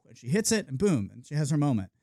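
A man DJ on a podcast, telling a story in casual, animated chat full of "like"s. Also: a little high, fast talker, no room sound, clean studio sound. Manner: animated, filler-heavy with many "like"s, acts out the people in his story. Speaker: DJ and podcast co-host.

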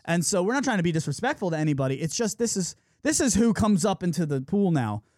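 A man hosts a podcast and tells a story in casual chat, acting out each person he quotes. His pitch swings widely as he talks. The sound is dry and close, with no room echo. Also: very animated, fast, darkish tone. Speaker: podcast host. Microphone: studio mic.

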